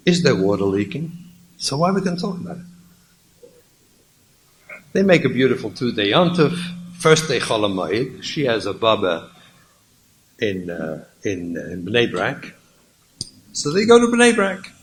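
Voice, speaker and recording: A man, a rabbi, telling a lively story in a lecture and acting out the dialogue. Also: mid-range voice, measured pace, long pauses, slight background noise, low-quality recording.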